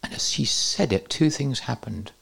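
A man's voice: medium pitch, expressive, moderate pace, gravelly, a bit bright, husky, whispered. A man teaching at a church conference, with joking, self-deprecating asides to the audience. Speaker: preacher.

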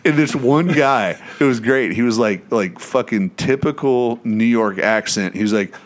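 A man's voice: mid-range voice, normal speed. A man, telling a long rambling story on a podcast, swearing freely and acting out what people said. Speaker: podcast host. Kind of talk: casual chat.

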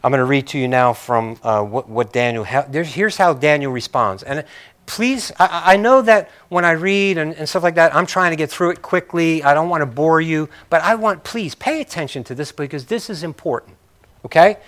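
A man's voice: a little high, normal speed, a bit bright. A male pastor preaching a sermon in a conversational way, with joking, apologetic asides to his congregation.

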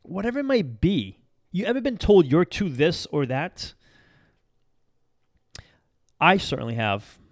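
An energetic man hosts a daily motivational podcast, talking in a chatty, upbeat way. His voice sits a little higher than most men's, and he laughs often and repeats phrases for emphasis. The recording is dry and close, with no room sound. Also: measured pace, long pauses, no room sound. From Massachusetts. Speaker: podcast host. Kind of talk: motivational talk show monologue.

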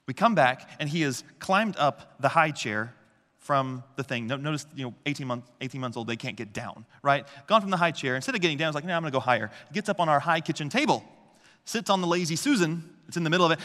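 A man with a bright, slightly high voice gives a conversational sermon from the pulpit. He tells lively stories and keeps asking the room "right?" The sound rings with the long reverb of a large hall. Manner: animated storytelling with frequent "okay?" and "right?" check-ins. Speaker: pastor.

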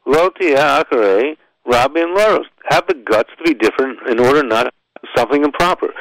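A low-pitched male radio host talks into a studio mic, the sound close and dry. He is folksy and emphatic and scatters Hebrew and Yiddish phrases through his talk. He leans on words and swoops his voice up on the key phrases. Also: gravelly, no room sound, rough recording. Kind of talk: radio call-in show talk. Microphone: studio microphone.

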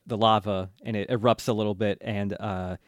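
A man's voice: lowish voice, level tone, normal speed, dry recording. Podcast guy rambling thru an anime recap, cusses a ton, laughs a lot, super dry mic. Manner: rambling, laughing, swears freely. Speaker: podcast co-host. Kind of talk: casual chat recapping an anime.

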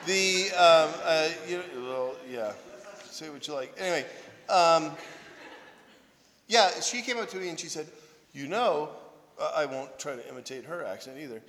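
A man's voice: on the high side, expressive, moderate pace, fairly bright tone, big-room sound. A man who is a priest and monk, telling humorous self-deprecating stories in a conversational sermon, often checking in with "right?". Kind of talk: anecdotal sermon talk.

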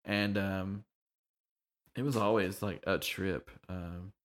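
A man's voice: sits low, fairly even intonation, slow pace. A man co-hosting a podcast, telling work stories in a laid-back way with plenty of swearing and acted-out quotes. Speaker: podcast co-host. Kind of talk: casual chat.

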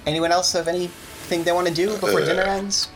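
A man's voice: sits high, level tone, fairly quick, vocal fry, over music, rough recording. A man running a tabletop game as game master, narrating casually with lots of fillers.

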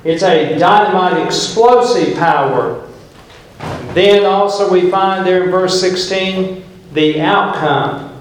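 A male pastor preaching a sermon, emphatic, and painting scenes as he tells the story. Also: a little high. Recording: very echoey church room.

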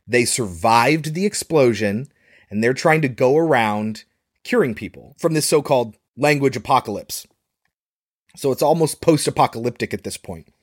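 A man's voice: mid-range voice, expressive, moderate pace, breathy edge. A man co-hosting a film podcast in casual chat, retelling scenes sarcastically and swearing freely. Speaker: podcast co-host reviewing a film.

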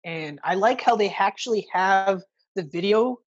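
A woman in a relaxed film chat, swearing freely and acting out lines from the movie. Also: mid-range voice, a little slow, slightly rough, lo-fi sound. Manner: casual, swears often, acts out movie lines. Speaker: podcast co-host. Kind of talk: casual movie review chat.

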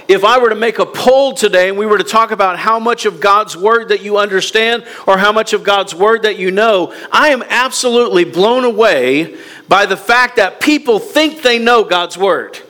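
A male pastor delivers a sermon with a high, bright voice that rings out. He talks to the congregation directly, stresses his points with repetition and stumbles over words as he pushes forward. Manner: emphatic, repeats words, asks the congregation questions.

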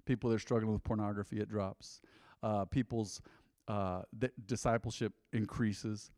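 A man preaching a sermon to his congregation, animated and conversational, with sudden loud emphasis. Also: fairly low pitch, normal speed, dry recording, clean studio sound. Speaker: pastor. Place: church sanctuary.

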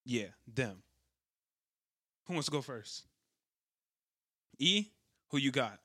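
Bright-voiced young man hosting a chat. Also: medium pitch, lively intonation, takes it slowly, no echo, clean studio sound. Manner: easygoing, leads the segment, repeats for emphasis. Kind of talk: casual chat.

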